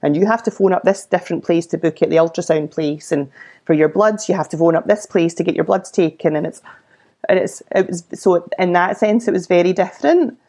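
A Scottish woman in her thirties tells stories in a relaxed, chatty way and slips into the voices of the people in them. Her voice sits low, with a gravelly fry and a dark, mellow tone. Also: a little fast. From Scotland. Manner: chatty storyteller who acts out quoted voices. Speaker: podcast guest. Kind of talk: casual interview chat.

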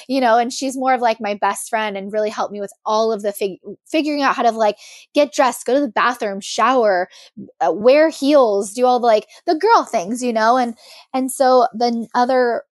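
A woman's voice: on the high side, normal speed, no room sound, studio quality. A young woman guest on a podcast, candidly and animatedly telling a personal story with many fillers.

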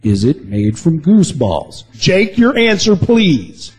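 A man's voice: a little high, huge pitch swings, slow, husky. A man co-hosting a podcast in casual joking chat, playfully teasing and hamming up his game-show announcements. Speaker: podcast co-host.

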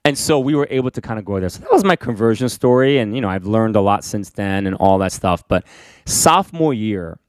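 A man's voice: on the low side, brisk, no room sound, studio quality. Korean-born man in his forties telling a story. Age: 40s. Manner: animated, laughing, acts out voices. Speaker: podcast co-host. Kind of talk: casual storytelling chat.

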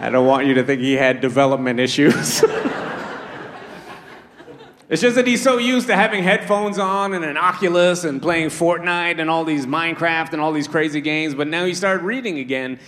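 Male stand-up, high-pitched, animated, laughs at his own asides; noisy live recording. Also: moderate pace. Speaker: stand-up comedian. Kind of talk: stand-up comedy set.

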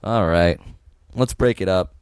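A young man co-hosting a podcast, teasing his co-host and quick to laugh in casual chat. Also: low voice, darkish tone, smooth, no echo, studio quality.

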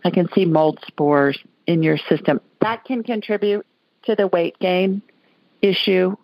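A woman's voice: lowish voice, measured pace, vocal fry, no echo. Chatty woman hosting a call-in show. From Alabama. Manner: chatty, folksy, laughs often. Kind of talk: casual call-in radio chat. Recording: dull lo-fi audio.

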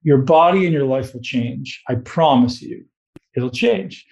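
Male coach, mid-pitched, live group talk, profane and pushy. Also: unhurried, vocal fry, a little mellow, muffled recording. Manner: blunt, profane, motivational, asks the room questions. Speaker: host giving a talk on fat loss.

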